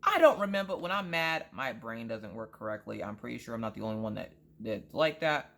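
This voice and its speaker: A woman vlogger chatting casually, rambling through an animated story with frequent asides. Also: rumbling low, brisk, creaky. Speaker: crafting vlogger. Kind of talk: casual chat.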